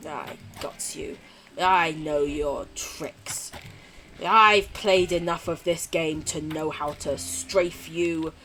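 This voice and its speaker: A woman's voice: sits low, steady tone, takes it slowly, fairly bright tone, soft background music. A woman live streamer chatting casually with her viewers while gaming, swearing freely and gushing affection.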